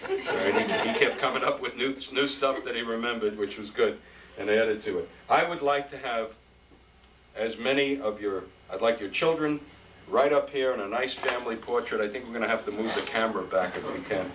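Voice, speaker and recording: A man's voice: mid-range voice, brisk, a bit bright. A man emceeing a retirement party roast with brash, joking banter. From New York. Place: party hall. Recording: distant noisy party recording.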